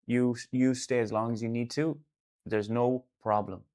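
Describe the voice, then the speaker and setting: An Irish artist hosting a casual live stream, rambling loosely and breaking into sudden loud bursts now and then. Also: male voice, medium pitch, fairly even intonation, normal speed. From Ireland.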